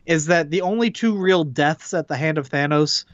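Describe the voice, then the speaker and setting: A man's voice: on the high side, normal speed, no room sound. A man co-hosting a podcast, chatting casually and reviewing a film with plenty of fillers. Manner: relaxed, filler-heavy opinions. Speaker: podcast co-host. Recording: dull dry lo-fi sound.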